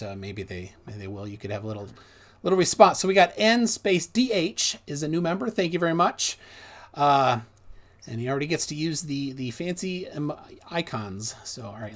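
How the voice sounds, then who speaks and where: A man hosting a livestream, chatting casually and reading viewer comments aloud in a loose, rambling way. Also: medium pitch. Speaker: host.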